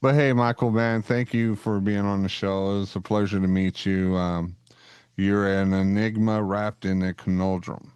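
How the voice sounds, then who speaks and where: A man hosts a laid-back chat show in a low, smooth voice. He jokes, rambles and restarts his sentences often. The sound is close and dry. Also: steady tone, normal speed, a little mellow, no echo. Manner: joking, rambling, with many fillers and restarts. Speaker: podcast host. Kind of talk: casual interview chat.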